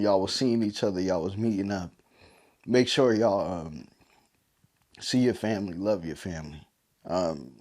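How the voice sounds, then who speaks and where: Low-voiced man, teary and preachy. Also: a little mellow. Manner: emotional, preacher-like repetition. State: teary, overcome with emotion. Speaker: podcast host. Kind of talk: heartfelt solo podcast monologue.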